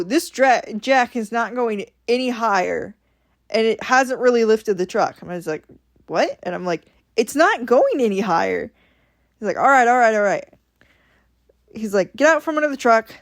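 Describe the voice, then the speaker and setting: Casual vlogger woman, from Ohio, recounting a story with lively quoted voices, slightly high pitch. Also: moderate pace. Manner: animated, quotes people in her stories.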